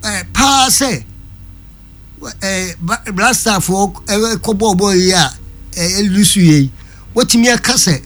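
Ghanaian guest preaching a christian take on a talk show, emphatic, pitch all over the place. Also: expressive, a little slow, a bit bright. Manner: emphatic and preachy, switching between Twi and English. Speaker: guest giving a Christian view. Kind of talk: opinionated talk-show commentary.

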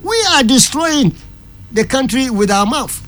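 A Ghanaian-accented guest speaks with a lively, swooping pitch, driving each point home in an emphatic, preachy tone. Faint music plays behind the voice. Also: unhurried. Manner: emphatic and preachy, switching between Twi and English. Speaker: guest giving a Christian view. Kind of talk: opinionated talk-show commentary.

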